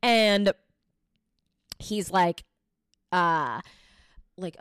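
A young woman co-hosting a podcast, telling a story in a lively, casual chat, laughing and swearing freely. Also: mid-range voice, takes it slowly, clean tone, no echo, studio quality. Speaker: podcast co-host.

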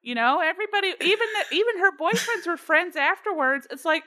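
A woman co-hosting a podcast, joking in sarcastic, animated banter. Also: very high voice, quick pace. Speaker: podcast co-host. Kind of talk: casual banter.

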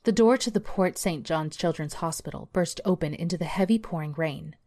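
A woman narrates a horror story in a lowish voice, measured and suspenseful. Her reading moves steadily from line to line, each beat set down with care. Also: a little mellow.

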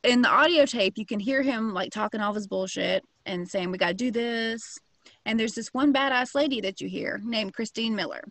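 A woman's voice: a little high, fairly quick, hardly any pauses, a bit bright, no room sound. Brief: a woman, casual storyteller, slangy and sweary, dry close sound. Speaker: podcast co-host telling a true crime story. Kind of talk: casual chat.

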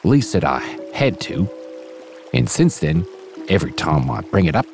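A man with a put-on Australian accent, playfully leading a slow, soothing guided imagination exercise as a podcast host. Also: low-pitched, big pitch swings, creaky. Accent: put-on Australian/New Zealand. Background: music and trickling stream sounds.

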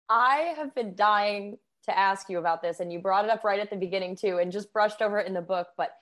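A woman's voice: medium pitch, normal speed, a bit bright. A woman hosting an interview, chatty and eager, often saying "like". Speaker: podcast host. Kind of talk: conversational interview.

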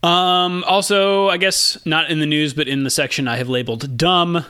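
A man hosting a casual podcast chat, relaxed, laughing easily and filling pauses with ums and uhs. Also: a little high, clean tone, dry recording, studio quality. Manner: relaxed, laughs often, many fillers. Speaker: podcast host.

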